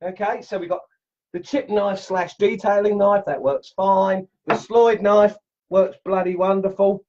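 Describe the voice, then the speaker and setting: A middle-aged Australian man hosts a casual woodcarving livestream from his home workshop, unboxing and testing knives while greeting viewers. He's chatty, excitable, and laughs as he goes, speaking unhurriedly in a high voice over lo-fi audio.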